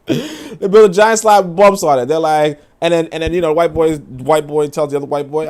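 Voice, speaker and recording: A young adult man talking casually on a live stream, swinging his voice up and down as he tells stories with plenty of profanity. His voice sits a little high for a man, and he keeps slipping into mocking voices when he quotes people. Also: expressive, moderate pace, a little mellow. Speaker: livestream commentary host. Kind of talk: casual live-stream commentary reading comments.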